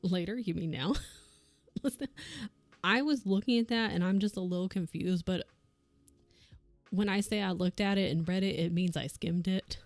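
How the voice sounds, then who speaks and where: Faint music sits behind a young female streamer whose lowish voice moves at a moderate pace with no room sound. She crafts as she talks, wandering through an anecdote, voicing what people said and laughing a lot.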